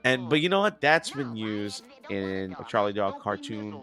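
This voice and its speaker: A hoarse man, a singer worn out from a week of performing, chatting animatedly and laughing often as a podcast guest. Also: on the low side, big pitch swings, moderate pace. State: hoarse after a heavy singing week. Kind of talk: casual chat.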